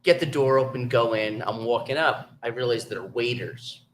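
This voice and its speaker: A man's voice: mid-range voice, moderate pace, slight background noise, low-quality recording. A man telling blunt, profane police stories in a casual podcast chat. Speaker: podcast guest, former police officer.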